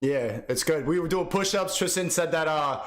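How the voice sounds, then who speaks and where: A man's voice: fairly high pitch, moderate pace. A young man hosting a livestream, talking brashly and profanely in casual chat. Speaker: livestream host.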